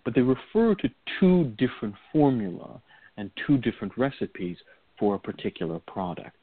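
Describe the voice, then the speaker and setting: A man co-hosting a call-in radio show, explaining things in a measured way with many fillers. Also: mid-range voice, big pitch swings, dry recording. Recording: tinny phone-line audio.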